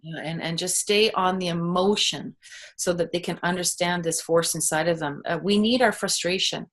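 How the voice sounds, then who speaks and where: A middle-aged woman, a parenting expert, explaining children's emotions in a relaxed interview, with gentle examples and soft laughs. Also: on the low side, normal speed. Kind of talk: conversational interview.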